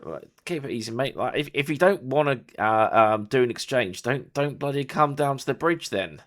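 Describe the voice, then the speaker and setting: A man's voice: mid-range voice, expressive, moderate pace, fairly bright tone, voice pushed up, close to an everyday voice. A man doing a surly young lout. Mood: grumbling. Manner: brash, whiny yelps, slangy. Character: scrappy young man, coin-grubbing pie addict, surly.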